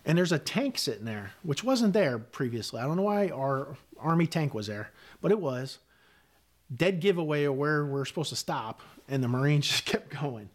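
A retired Army sergeant major, a guest on a podcast, recounts a combat story in conversation. His voice is on the high side and sing-song at a moderate pace, and he tells it bluntly and vividly, swearing and saying "uh" often.

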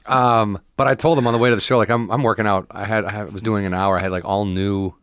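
A man's voice: on the low side, steady tone, fairly bright tone, clean tone, no echo, studio quality. A man, a stand-up comedian, telling stories on a podcast in a casual, profane way, often acting out the people in them. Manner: fast, profane, acts out voices in his stories. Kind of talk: casual storytelling chat.

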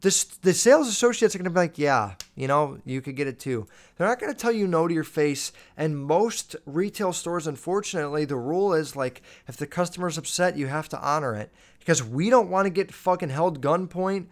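A young man hosting a podcast, telling a profane, animated story about a rude customer and acting out both sides of the dialogue. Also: a little high, brisk. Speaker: podcast host. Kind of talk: casual storytelling rant.

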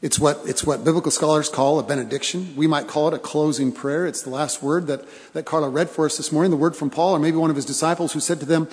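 A man pastor delivering a sermon in a church, telling stories with pauses for emphasis and repeated phrases. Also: a little high, steady tone. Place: church sanctuary. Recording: long church reverb.

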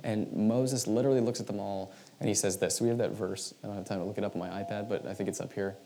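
A man preaching a sermon in a casual, animated storytelling way, often acting out the voices he quotes. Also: fairly low pitch, fast, slight background noise. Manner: casual, many fillers like "like" and "right". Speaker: pastor.

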